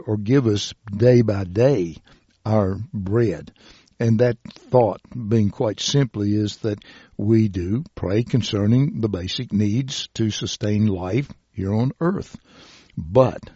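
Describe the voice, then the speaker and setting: A man preaching a sermon in a slow, deliberate way, reading scripture passages aloud. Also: lowish voice, dark tone, breathy edge, no room sound, lo-fi sound.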